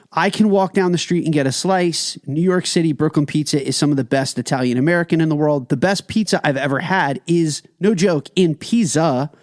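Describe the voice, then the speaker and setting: A man's voice: on the high side, no echo, studio quality. A man co-hosting a food podcast, telling stories with emphatic enthusiasm. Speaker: podcast co-host. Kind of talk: casual food podcast chat.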